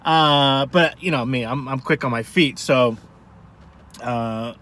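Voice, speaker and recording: A man food vlogger telling a rambling, animated story to camera from a parked car. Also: medium pitch, takes it slowly. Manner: rambling, animated, self-interrupting.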